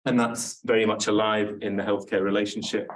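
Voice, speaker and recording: A man with a lowish voice gives a lecture in a relaxed, informal way. He fills his sentences with ums and false starts. He sounds slightly distant from the microphone. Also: fairly quick, a little hiss or hum. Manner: informal, self-deprecating, with many fillers and restarts. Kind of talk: academic talk to an audience.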